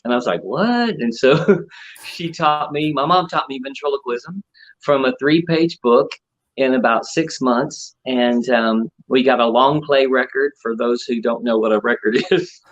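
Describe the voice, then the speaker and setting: A man, a ventriloquist, telling his story in a relaxed interview with many fillers. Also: mid-range voice, moderate pace. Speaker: ventriloquist guest. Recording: dull lo-fi audio.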